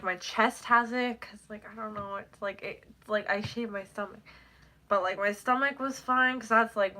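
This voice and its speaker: A woman's voice: mid-range voice, sharp tone, slight background noise. A teenage girl with a stuffy, congested nose, rambling casually on a live stream, full of "like" and casual swearing.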